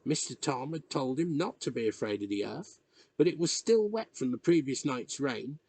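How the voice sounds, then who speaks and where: A man narrates a novel in a measured, storytelling manner. His intonation rises and falls in a lively way, with a slightly husky tone. The recording is dry and close, with no room sound. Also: medium pitch, dry recording. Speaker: reader. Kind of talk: audiobook narration.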